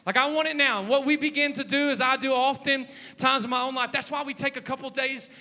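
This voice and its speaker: A man, preaching a lively sermon, joking and calling out to the congregation. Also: extremely high pitch, fairly quick. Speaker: pastor. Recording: long hall reverb.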